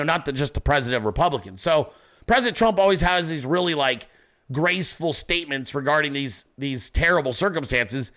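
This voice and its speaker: A man's voice: fairly high pitch, a bit bright. A man hosting a political commentary show, blunt and crude, ranting at his audience in casual speech. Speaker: show host.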